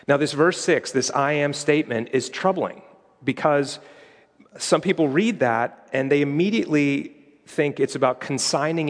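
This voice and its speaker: Brief: male pastor, mid-pitched, casual teaching sermon, long hall reverb. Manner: conversational teaching with quoted scripture.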